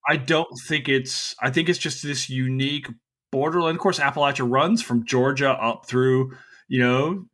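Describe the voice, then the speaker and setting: A man from Kentucky hosting a history podcast, talking in a joking, animated way with quick asides. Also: mid-range voice. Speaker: podcast host, history teacher. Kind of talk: casual podcast chat.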